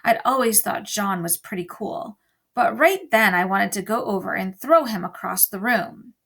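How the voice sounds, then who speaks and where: A woman teacher reading a novel aloud to an online class, telling it in an expressive storytelling way. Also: medium pitch, moderate pace, gravelly, husky.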